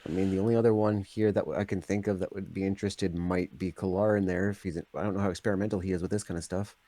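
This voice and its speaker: A man's voice: sits low, steady tone, fast talker, dark tone, no room sound. A man playing a tabletop game, musing thoughtfully in and out of character. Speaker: player. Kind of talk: tabletop role-play.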